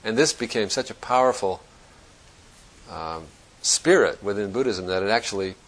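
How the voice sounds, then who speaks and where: A man's voice: on the low side, lively intonation, moderate pace, rough recording. A man giving a Zen dharma talk to students, thinking aloud in a reflective, conversational way and often restarting his sentences. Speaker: Zen teacher.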